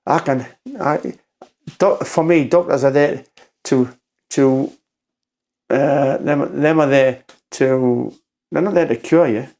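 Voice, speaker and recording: A man's voice: mid-range voice, darkish tone. Rambling Geordie man telling a story. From Newcastle, England. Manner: rambling, halting, acts out quotes with "I says". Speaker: podcast guest. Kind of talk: casual storytelling conversation.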